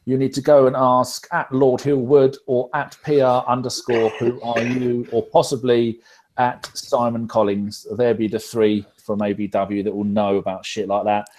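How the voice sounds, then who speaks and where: Bloke hosting a live podcast, reading out chat comments, chill and sweary. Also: male voice, medium pitch, flat delivery, normal speed, darkish tone, a little hiss or hum. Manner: laid-back, swears freely, reads out viewer comments. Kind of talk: casual live-stream chat.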